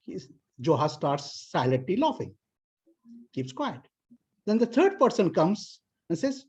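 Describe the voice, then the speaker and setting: Husky man giving a club speech. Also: moderate pace. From South Asia. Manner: animated storyteller, voices characters in higher pitch. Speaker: area director giving a club address. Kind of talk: formal speech with a told story. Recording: dull lo-fi video call audio.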